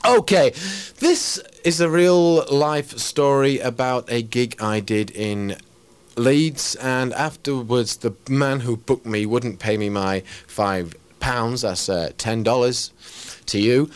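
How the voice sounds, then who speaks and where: Rambling English poet, self-mocking. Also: male voice, mid-range voice, takes it slowly, clear, resonant tone. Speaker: performance poet. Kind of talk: casual interview chat.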